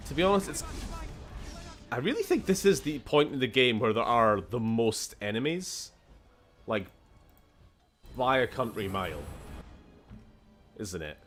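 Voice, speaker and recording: A man's voice: mid-range voice, animated, measured pace, pauses often, fairly bright tone, faint music behind. A man with a Scottish accent chatting casually and swearing while streaming a game. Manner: chatty, swears, laughs often, shifts tone a lot. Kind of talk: casual gameplay commentary.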